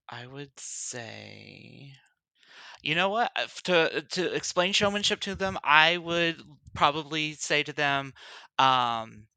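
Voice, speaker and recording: A man's voice: medium pitch, gravelly, pushed and bright, smooth, no echo. A man co-hosting a casual podcast, easygoing and laughing as he explains. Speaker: podcast co-host.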